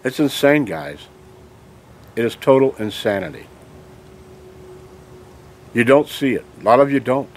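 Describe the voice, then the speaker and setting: A vlogger gives an angry monologue to camera in an animated mid-range voice with a darkish tone, measured pace and long pauses. He is heated and emphatic, often checking in with "okay?", and slight background noise is audible.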